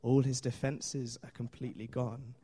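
A man's voice: medium pitch, little pitch movement, moderate pace, mellow, husky. Chatty male preacher telling a story. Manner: chatty storytelling with fillers and laughs. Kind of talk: sermon.

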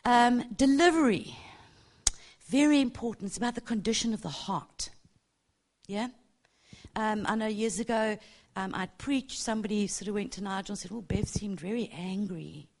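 A woman's voice: fairly high pitch, normal speed, pauses often. A middle-aged woman teaching a church group on prophecy, passionate and chatty, often tagging her points with "yeah?". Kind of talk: informal teaching talk.

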